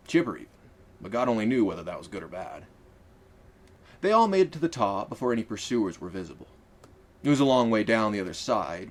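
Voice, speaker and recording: Guy reading his own fantasy audiobook, wry and casual, voice moves up and down a lot. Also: on the low side. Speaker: author and narrator. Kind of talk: scripted audiobook narration.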